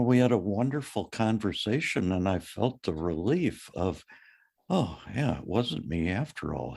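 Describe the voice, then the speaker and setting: A man's voice: low voice, darkish tone. A man co-hosting a podcast, telling personal stories in a candid, plain-spoken, reflective way. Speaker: podcast co-host. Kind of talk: reflective casual discussion. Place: lives in Minnesota.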